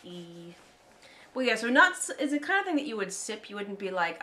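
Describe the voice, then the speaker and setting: An American woman co-hosting a relaxed chat at a mid-range pitch. She is playful and chatty, tossing off asides and laughing easily. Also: fairly quick. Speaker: co-host. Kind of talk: casual chat.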